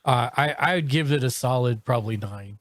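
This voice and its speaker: A man's voice: mid-range voice, over a noisy crowd. A man hosting a podcast, chatting casually and reviewing shows, with frequent restarts and fillers. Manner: halting, full of restarts and fillers. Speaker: podcast host.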